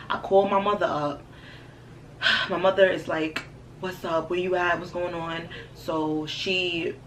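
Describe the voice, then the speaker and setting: A young woman telling a storytime on her vlog, animated, slangy and profane. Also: low voice, a little hiss or hum, poor audio. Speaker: vlogger. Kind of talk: casual storytime.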